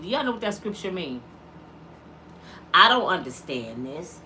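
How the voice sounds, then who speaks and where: A woman's voice: fairly low pitch, big pitch swings, unhurried, long pauses, sharp tone, a little hiss or hum. A middle-aged woman giving an impassioned vlog monologue as a mother, preaching with rhetorical questions in casual dialect. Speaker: mother of an inmate, vlogger.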